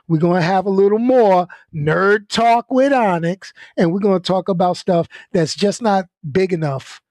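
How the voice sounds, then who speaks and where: A laid-back man with a fairly high voice talks bluntly to his viewers, repeating words as he goes and laughing between points. The sound is close and dry, with no room around it. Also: a little mellow, dry recording. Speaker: channel host. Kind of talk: casual venting talk.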